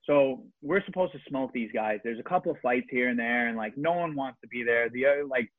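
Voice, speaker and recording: A man's voice: mid-range voice, brisk, no room sound. Profane, rambling young man on a tinny line. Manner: rambling, profane, animated storyteller. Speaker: podcast guest, former junior hockey player. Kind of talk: casual storytelling chat.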